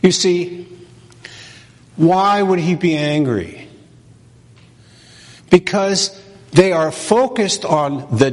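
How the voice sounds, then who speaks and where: A man preaching from the pulpit in a measured, deliberate rhythm, repeating his questions for emphasis. His voice sits a little high for a man. The sound carries a long reverb, as if in a large church. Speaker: pastor. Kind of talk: sermon.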